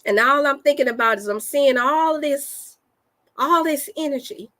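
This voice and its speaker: A woman, a wellness host telling an animated, folksy story to her listeners and laughing often. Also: sits high, a little slow. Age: 40s. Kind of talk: storytelling to a live audience.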